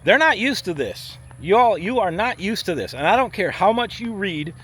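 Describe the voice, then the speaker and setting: A man's voice: high-pitched, sing-song, normal speed, fairly bright tone, slightly rough. Blunt man vlogging while walking. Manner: blunt, emphatic, acts out body parts in voices. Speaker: firefighter paramedic vlogger. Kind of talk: walk and talk vlog. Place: outdoors in a theme park area. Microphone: handheld camera while walking. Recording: faint street and traffic noise outside.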